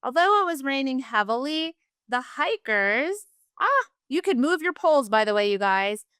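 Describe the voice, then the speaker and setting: A high, bright woman teaching online with a lilt. Her voice is clear and smooth, recorded dry and close. She keeps an upbeat, encouraging tone throughout. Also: sing-song, normal speed, no room sound. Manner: upbeat, encouraging, uses "y'all". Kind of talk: virtual class lesson.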